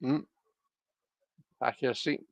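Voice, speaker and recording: A man hosts a casual tarot livestream, talking straight to his viewers in a mid-range, creaky voice with a steady tone and slow pace. He rambles and chats, with lots of restarts and fillers. There's no echo.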